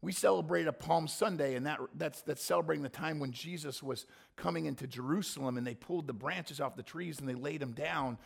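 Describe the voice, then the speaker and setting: Passionate high-voiced gravelly male preacher. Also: brisk, few pauses. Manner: impassioned, rising to near-shouting when voicing scripture. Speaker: pastor. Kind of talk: sermon.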